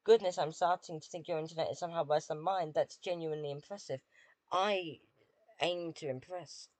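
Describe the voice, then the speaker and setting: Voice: medium pitch, brisk, a little mellow, dry recording. A British streamer chatting casually with viewers while playing a game, dry and self-deprecating.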